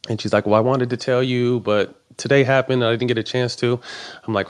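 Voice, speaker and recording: A man's voice: mid-range voice, brisk, clear, resonant tone. A middle-aged man casually telling a long personal story, swearing often and acting out the dialogue. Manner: profane, animated storytelling with quoted dialogue. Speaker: podcast guest.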